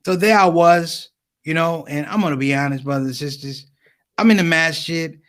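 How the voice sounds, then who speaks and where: A middle-aged man telling a comic story to an audience, with punchy, animated delivery and repeated words for effect. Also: a little high, normal speed. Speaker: speaker.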